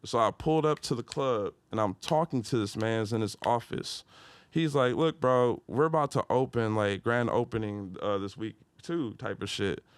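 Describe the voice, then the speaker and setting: A young man from Detroit, a podcast guest telling a story in casual slang and jumping into loud, high-pitched retellings. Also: moderate pace, clean tone, no echo.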